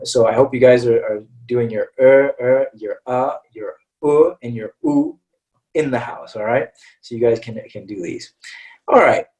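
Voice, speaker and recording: A man's voice: medium pitch, mellow. Patient male English teacher, slightly distant mic. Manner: patient, checks in with "okay?" after nearly every point. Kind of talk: online webinar lesson. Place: online video-call webinar.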